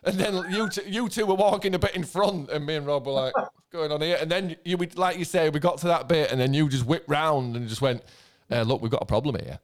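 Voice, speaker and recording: A man with a smooth, resonant and slightly high voice reminisces about making a record. He talks loosely, swears easily and laughs along. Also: brisk, hardly any pauses. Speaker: band member. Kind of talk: casual chat.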